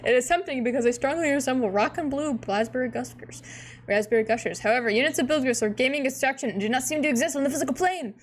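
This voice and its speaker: A slightly high-voiced woman reads a webcomic aloud and reacts to it in loose, casual commentary. She giggles often, gets excited and swears freely. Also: fast talker, slight background noise. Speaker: host reading a webcomic aloud.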